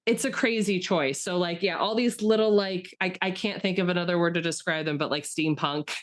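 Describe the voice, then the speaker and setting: Woman cohosting a podcast, chatty and excited, low-ish voice, lots of likes and restarts. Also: a little fast. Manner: chatty, enthusiastic, with frequent fillers and restarts. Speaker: podcast co-host. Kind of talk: casual film discussion chat.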